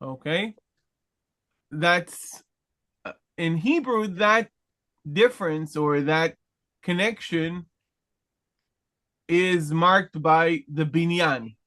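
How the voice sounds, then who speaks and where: Guy teaching hebrew grammar, slow and patient, keeps asking okay?, kinda high voice. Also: pushed and bright. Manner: patient, frequent "okay?" check-ins, questions to students; slow deliberate pace with many pauses and restarts. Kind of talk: live online class, explaining grammar.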